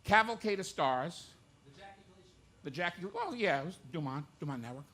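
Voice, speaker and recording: A man's voice: a little high, lively intonation, fairly quick, sharp tone. A male impressionist bantering playfully on a small cabaret stage, with joking asides. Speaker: impressionist performer. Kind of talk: live stand-up banter. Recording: live club with faint room noise.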